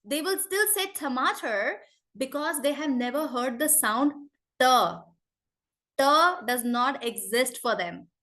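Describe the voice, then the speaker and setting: A young woman with an Indian accent and a high-pitched voice teaches an online spoken English class. She's lively, switches into Hindi, and calls on students by name.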